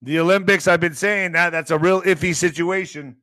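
A man's voice: high-pitched, fairly even intonation, moderate pace, pushed and bright, dry recording, poor audio. Rambling, profane morning show man. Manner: rambling and profane, reads news aloud with stumbles. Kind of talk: casual news commentary.

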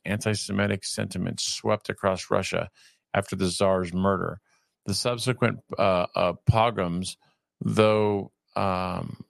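A man in his fifties from California, reading a text aloud and breaking off into halting, conversational asides. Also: sits low, vocal fry, no room sound, studio quality. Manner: reads evenly, then digresses in a halting conversational way. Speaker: reader and commentator.

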